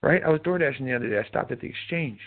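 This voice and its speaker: A man's voice: mid-range voice, animated, very fast. A man hosting a casual live show, telling rambling, profane, joking stories. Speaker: host. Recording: tinny phone-like sound.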